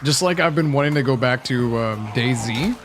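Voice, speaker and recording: A man's voice: mid-range voice, expressive, moderate pace, noisy background. A man livestreaming a game, chatting loosely and cursing as he plays. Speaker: gaming livestreamer. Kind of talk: casual chat over gameplay.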